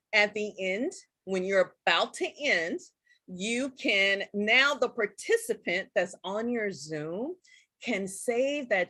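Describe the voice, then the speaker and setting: A woman hosting a casual live-stream tutorial, chatty and excitable, talking straight to her viewers. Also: mid-range voice, no echo. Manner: chatty and excitable, addresses viewers as guys and y'all. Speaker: live-stream host teaching Zoom tips.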